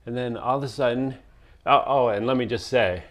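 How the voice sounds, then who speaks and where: A man's voice: mid-range voice, a little fast. A man hosting a casual chat show, telling a long story with lots of laughs and restarts. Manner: rambling storyteller, laughs often. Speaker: podcast host.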